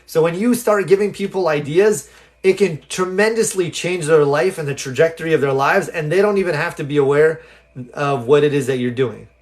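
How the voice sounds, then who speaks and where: Answering viewers on his live stream, a man spins a story with animation, performing the voices of the people in it. His delivery is talkative and loose, with fillers and restarts. His voice is a little high and his pace brisk.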